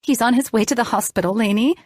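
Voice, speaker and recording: A woman's voice: a little high, fast, no room sound, studio quality, pitched above the performer's own voice, close to an everyday voice. A woman voicing a worried middle-aged mother who is anxious and can turn cold and firm.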